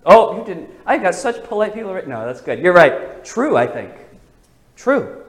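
A man's voice: high-pitched, big pitch swings, moderate pace, slightly rough. A man leading an interactive Bible study, talking casually and asking the group questions. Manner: conversational, asks the group questions.

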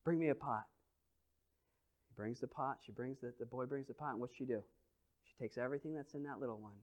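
A man preaching a sermon, telling a story in an animated way, dropping to near quiet and then rising loud as he acts out the scenes. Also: medium pitch, fast. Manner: animated storytelling with big swings in volume; acts out scenes and quotes with playful voices. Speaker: pastor.

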